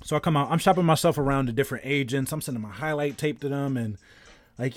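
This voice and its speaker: A man's voice: mid-range voice, fast, no room sound. Male streamer around thirty, rambling easygoing host, dry close sound with faint game music behind. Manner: rambling, easygoing storyteller greeting viewers. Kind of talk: casual live-stream chat.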